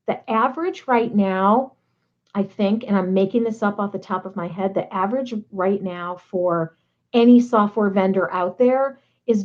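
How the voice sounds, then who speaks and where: A woman's voice: medium pitch, a little mellow, muffled recording. A woman, a nonprofit technology consultant giving casual, chatty advice with playful asides. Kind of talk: casual advice talk to camera.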